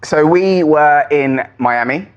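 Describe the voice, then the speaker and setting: A man, a panellist on a comedy show, telling an anecdote in a relaxed way. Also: fairly high pitch, slow pace, smooth, lo-fi sound. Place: TV studio.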